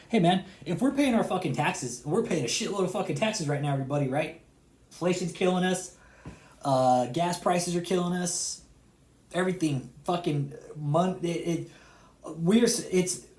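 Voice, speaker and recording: A man giving a heated, profane rant to his subscribers as an online commentator. He swears constantly, repeats himself, and swings between loud outbursts and low sarcastic asides. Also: expressive, a little fast. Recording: roomy echo.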